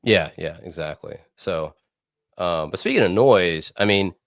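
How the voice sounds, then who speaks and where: A young man co-hosting a casual talk show over a video call, rambling and swearing, his voice hoarse from screaming. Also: deep voice, animated, a little slow, a bit bright, no echo, studio quality. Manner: rambling, profane, laid-back. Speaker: co-host. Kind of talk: casual podcast chat. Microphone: remote video call.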